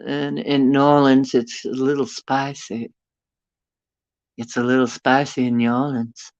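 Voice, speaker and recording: A woman's voice: extremely low pitch, level tone, a little slow, a little mellow, no echo. A woman hosting a livestream from her bedroom, chatting casually and rambling while she reads viewer comments. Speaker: livestream host. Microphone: phone. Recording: dull lo-fi phone audio.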